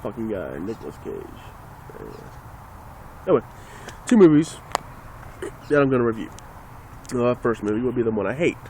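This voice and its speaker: A man's voice: medium pitch, lively intonation, a little fast, long pauses, darkish tone, a little hiss or hum. A man ranting casually and sarcastically into a phone, rambling and swearing as he talks. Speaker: vlogger.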